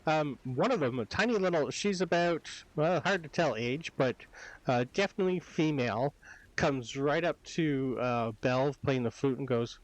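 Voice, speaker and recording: A man's voice: fairly high pitch, normal speed, dry recording, poor audio. A man narrating as game master for a tabletop game, rambling with many hesitations.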